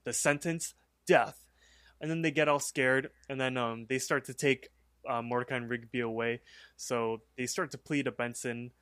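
Male podcast co-host, mid-pitched and casual, rambling recap delivery, dry close sound. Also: steady tone, moderate pace, fairly bright tone, clean tone, no room sound. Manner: rambling retelling full of "like" and "um".

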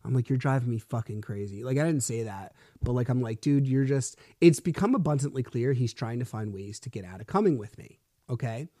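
Male podcast host, 30s, mellow voice with a dry sound, swearing freely as he tells his story. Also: mid-range voice, animated, a little fast, dry recording. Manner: blunt and profane, retelling events with heat. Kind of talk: casual solo storytelling monologue.

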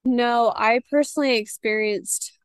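A woman co-hosting a casual podcast, speaking in a soft, thoughtful way. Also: on the high side, fairly even intonation, measured pace, smooth, no room sound, studio quality. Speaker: podcast co-host. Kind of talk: casual chat.

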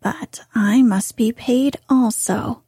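A woman voicing a scheming, ancient sea witch in whispered role-play, speaking softly and slowly. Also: a little high, husky, no echo, clean studio sound, full character voice. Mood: demanding. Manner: soft, slow whispering.

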